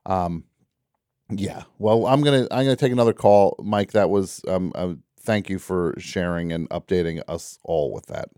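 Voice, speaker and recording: A man's voice: low-pitched, normal speed, mellow, dry recording, studio quality. A man hosting a call-in radio show, chatting in a rambling way with lots of fillers and restarts. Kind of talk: casual call-in radio chat.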